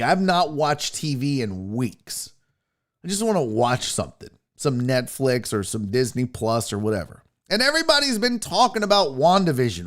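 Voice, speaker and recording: A man's voice: fairly high pitch, normal speed. A man hosting his own sports podcast from home, rambling and swearing in a loose chat to his live audience. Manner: rambling, profane, animated, acts out silly voices. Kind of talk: casual live-stream chat. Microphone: podcast mixer setup.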